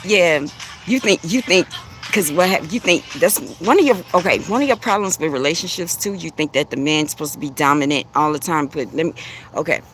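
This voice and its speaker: A woman with a deep, bassy voice gives a spiritual coaching monologue, preachy and repetitive, chuckling between phrases. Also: fairly quick, fairly bright tone, faint music behind. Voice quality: deep voice with bass. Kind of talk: spiritual motivational monologue to camera.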